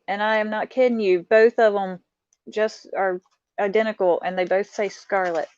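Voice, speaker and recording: Showing her craft haul on a live stream, this middle-aged host talks casually with viewers and laughs a lot. She speaks at normal speed in a steady, smooth, medium-pitched voice with a darkish tone and no echo, though the lo-fi audio is dull and muffled.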